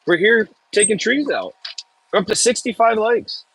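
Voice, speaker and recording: A man's voice: sits high, expressive, normal speed, creaky, a bit bright, slightly rough, rough recording. A man with a Midwestern American accent chatting casually on a live stream, reading viewer comments aloud with jokey asides. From Midwest United States. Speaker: farm worker live-streaming from an excavator.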